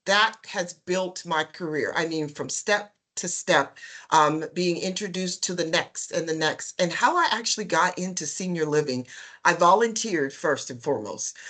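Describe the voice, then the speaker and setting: In a webinar panel, a chatty woman with a lowish voice tells the story of her career. She's a lively storyteller who acts out what others said, with frequent ums and uhs.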